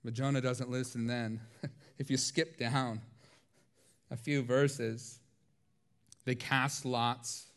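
A man preaching a sermon, telling stories in a lively, laughing way. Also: medium pitch, slow pace, pauses often. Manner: animated storytelling with frequent laughs. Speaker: pastor.

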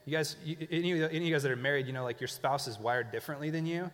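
A man preaching a sermon in a conversational, animated way, acting out the people he describes. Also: a little high, very fast, big-room sound. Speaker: pastor. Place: church.

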